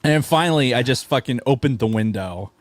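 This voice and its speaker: A man in his thirties spins a rowdy, profanity-laced anecdote, his voice leaping up and down in pitch as he acts out the moments. The recording is close and dry, with no room sound. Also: a little fast, no room sound. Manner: profane, animated storytelling with yelled sound effects. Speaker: podcast co-host. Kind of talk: casual chat.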